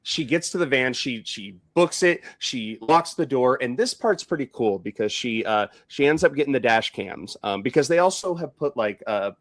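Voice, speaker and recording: Male podcast co-host, loose and profane, quick laughs, dry close sound. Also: mid-range voice, lively intonation, no room sound. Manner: laughing, swearing, openly annoyed rant. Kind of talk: casual chat.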